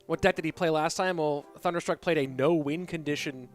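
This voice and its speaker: A man casting a live esports match with brisk, informative play-by-play. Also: a little high, faint music behind. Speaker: esports caster.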